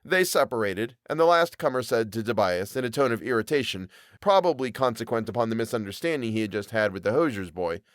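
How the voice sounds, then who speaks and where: A man narrating an old serial story aloud in a measured, dramatic way. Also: mid-range voice, animated, no echo, clean studio sound. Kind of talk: reading a Victorian serial aloud.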